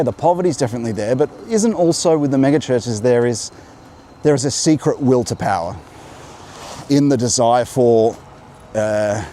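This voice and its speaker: Recorded on a handheld camera, this vlogger walks near a road in the rain under an umbrella, thinking out loud to viewers in a rambling, reflective way as he navigates. He's a man with a General Australian accent and a warm, mid-range voice, with a little hiss or hum in the audio.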